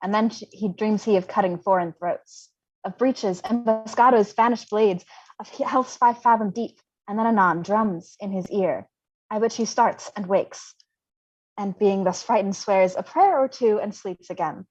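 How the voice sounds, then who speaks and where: Witty mocking young guy mercutio, a young woman reading him, brisk playful verse, dull lo-fi stream audio. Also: medium pitch, a little mellow, natural voice. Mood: fanciful. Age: young adult. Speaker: volunteer reader. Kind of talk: unrehearsed livestream Shakespeare reading.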